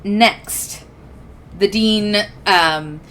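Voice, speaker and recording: A woman's voice: medium pitch, very slow, fairly bright tone, a little hiss or hum. A woman narrating a tabletop game as game master, casual and giggly, with frequent fillers.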